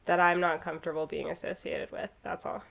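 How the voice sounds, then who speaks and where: A young woman with a Californian Valley Girl accent co-hosting a podcast, talking casually with vocal fry and drawn-out words. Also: fairly low pitch, flat delivery, a bit bright. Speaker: podcast co-host. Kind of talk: casual chat.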